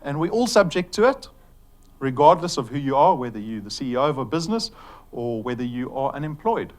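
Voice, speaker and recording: Joking South African business presenter. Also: male voice, medium pitch, very animated, brisk. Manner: chatty and joking, with fillers. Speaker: company executive presenting to an audience.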